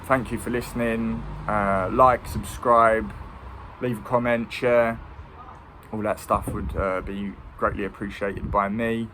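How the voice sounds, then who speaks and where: Guy chatting through a movie review, kinda low voice, lots of ums and restarts. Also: fairly even intonation, measured pace, fairly bright tone, a little hiss or hum. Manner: rambling, with many ums and restarts. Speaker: film reviewer. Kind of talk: casual film review.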